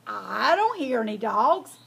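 A woman voicing a clever, sharp-tongued baby girl pig in a storybook reading. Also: on the high side, sing-song, slow pace, creaky, slightly rough, full character voice. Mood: sassy.

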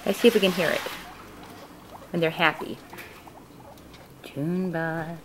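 A woman's voice: sits low, fairly even intonation, unhurried, background noise. A woman showing her guinea pigs in a casual home video at home, talking in cooing baby talk to her pets, filmed on a handheld camera. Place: indoors at home.

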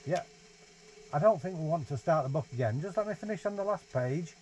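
Young dad doing sing-song baby talk while reading a picture book, voice on the high side, faint hiss. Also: male voice, lively intonation, brisk, darkish tone, low-quality recording. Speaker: father reading to his baby. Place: small holiday caravan, indoors. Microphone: 360 VR camera nearby.

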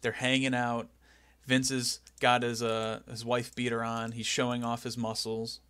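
A young man with a bright, forward voice tells a wrestling story in a loose, comic podcast chat. He gets animated and slips into silly impressions. The sound is dry and close. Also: medium pitch, unhurried, smooth, no echo. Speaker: podcast co-host. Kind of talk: casual comedic recap chat.

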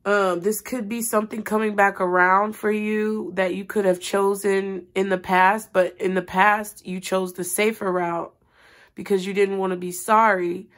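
Woman, tarot reader, slow, earnest, spiritual, direct address. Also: mid-range voice, level tone. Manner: rambling, spiritual, plainspoken. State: crying, voice rising and breaking. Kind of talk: tarot reading monologue.

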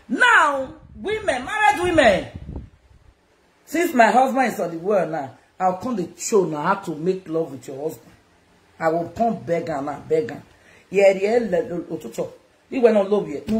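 A Nigerian woman chatting casually to her followers, loud and teasing, often laughing. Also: fairly high pitch. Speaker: social media personality. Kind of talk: casual self-recorded chat to followers. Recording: echoey room with faint noise.

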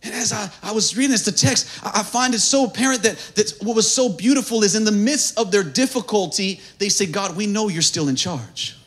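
A male pastor preaching at a church service, swinging from hushed, near-whispered lines to shouted, sing-song climaxes. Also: high voice, fairly quick, hardly any pauses. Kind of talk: sermon.

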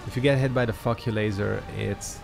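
Gravelly-voiced man swearing through gameplay. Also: lowish voice, fairly even intonation, fairly quick, over music. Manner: swearing, sarcastic, frustrated outbursts. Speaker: gaming YouTuber. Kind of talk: casual gameplay commentary.

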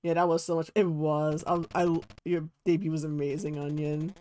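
A man's voice: a little high, level tone, normal speed, darkish tone. A young man streaming a video game and chatting with his viewers, bubbly and giggly. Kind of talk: casual gaming stream chat.

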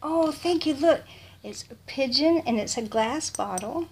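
Soft-spoken gushing woman, often whispering. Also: high voice, lively intonation, unhurried, a little hiss or hum. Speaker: vlogger. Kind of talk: casual unboxing chat. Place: home, indoors.

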